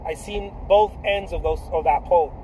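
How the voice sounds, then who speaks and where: A man coaching artists in a casual, blunt and profane pitch, repeating himself often with lots of restarts. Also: normal speed, dark tone, a little hiss or hum, rough recording. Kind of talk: casual direct-to-camera pitch.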